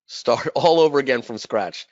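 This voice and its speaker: A man's voice: medium pitch, moderate pace, a little mellow, no room sound. A man hosting a webinar, telling a business story in casual chat and acting out quoted dialogue with animation. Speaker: webinar host. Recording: dry, dull lo-fi webinar audio.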